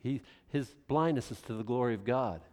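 A male pastor delivers a sermon in a rambling, conversational style, breaking off into stories and acted-out scenes. His voice is smooth and resonant, pitched in the middle range. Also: a little fast, warm tone.

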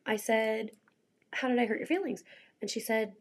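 Emphatic husky-voiced woman co-host. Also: on the high side, moderate pace. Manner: animated storyteller, blunt and emphatic. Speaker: podcast co-host. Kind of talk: casual chat.

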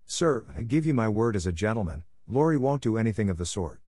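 A bold, tomboyish teenage girl, as a low-voiced man reads her pleads her case with earnest eagerness. The storybook reading is dry and close, with no room sound. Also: big pitch swings, fast, mellow, no echo. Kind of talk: audiobook character voice.

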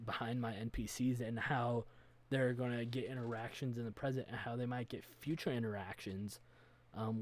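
A man's voice: medium pitch, a little mellow. A man co-hosting a casual chat about running tabletop games, talking earnestly and thinking aloud as he goes. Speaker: game master, podcast co-host.

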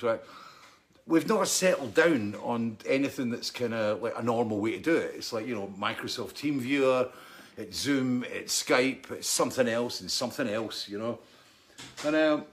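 A man rambles through an anecdote in a relaxed monologue, his voice sitting at an ordinary middle pitch. He leaps up in excitement and then drops low and quiet, stopping now and then to laugh or cough while he vapes. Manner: animated storyteller, laughs and coughs between phrases.

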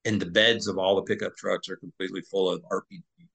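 A man's voice: deep voice, level tone, fast, gravelly, fairly bright tone, husky, rough recording. A former Navy SEAL, a man, telling a war story as a podcast guest in a loose, conversational way, with fillers and restarts.

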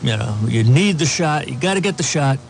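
Brisk and creaky, a medium-pitched man with lively intonation reads the news aloud, with a bit of hiss or hum. His casual political commentary is full of ums and sarcastic asides.

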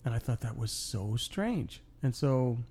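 A man co-hosting a casual podcast, his voice carrying a gravelly rasp. He talks in a loose, joking way and corrects himself as he goes. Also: medium pitch, expressive, measured pace, darkish tone. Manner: joking, self-correcting, chatty. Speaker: podcast co-host. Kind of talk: casual chat.

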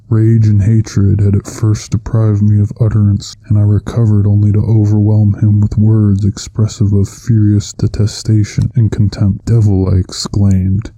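A man giving a measured, solemn first-person reading of a classic novel. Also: fairly low pitch, warm tone, no room sound. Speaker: audiobook narrator.

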